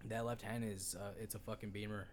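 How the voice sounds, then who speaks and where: A man's voice: fairly low pitch, flat delivery, brisk, slight background noise. A man co-hosting a casual sports podcast, rambling and swearing freely with lots of fillers. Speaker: podcast co-host.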